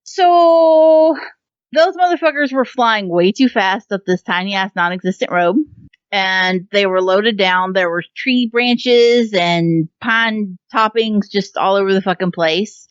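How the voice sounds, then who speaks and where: A woman's voice: medium pitch, measured pace, clear, resonant tone, no echo, highs cut off. A woman co-hosting a podcast in casual chat, telling a story with lots of laughter and cursing. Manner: laughing storyteller, swears freely. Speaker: podcast co-host.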